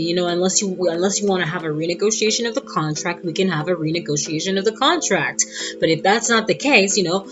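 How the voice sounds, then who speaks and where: Low-voiced woman, animated and sassy, casual storytime; dull lo-fi sound over guitar music. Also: quick pace. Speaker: vlogger.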